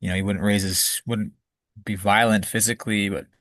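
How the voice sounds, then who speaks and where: A man's voice: on the low side, fairly even intonation, moderate pace, fairly bright tone, no echo. A man, a podcast guest, candidly telling a personal story with emotion and casual swearing.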